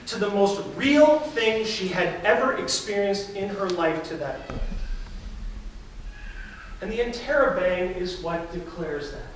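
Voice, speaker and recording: A man delivers a sermon, animated and storytelling, now and then slipping into the voices of the people in the story. His voice sits high for a man. The sound is distant and washed in heavy church reverb, with faint room noise underneath. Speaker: pastor. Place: large church sanctuary. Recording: echoey church from far off.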